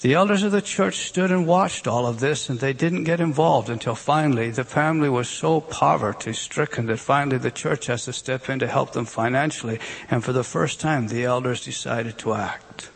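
A man's voice: mid-range voice, normal speed, vocal fry, hardly any pauses, breathy edge. A man preaching a sermon with emphatic delivery and rhetorical questions. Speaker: pastor.

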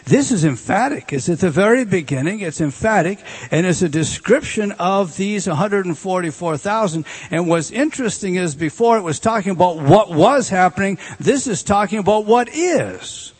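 A man delivers an expository sermon with a slightly high, husky voice. He leans hard on repeated key words and stops to put questions to the congregation. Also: expressive, normal speed, few pauses. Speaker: preacher.

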